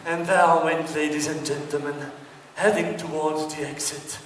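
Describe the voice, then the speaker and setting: A man's voice: fairly high pitch, little pitch movement, moderate pace. A man from Britain performing a stand-up comedy monologue on a theatre stage, telling his story with mock indignation. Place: theatre stage before an audience. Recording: distant, echoey hall with long reverb.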